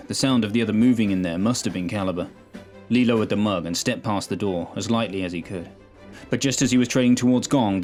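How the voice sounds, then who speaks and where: A man narrating a sci-fi audio story in a measured, steady way. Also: fairly low pitch.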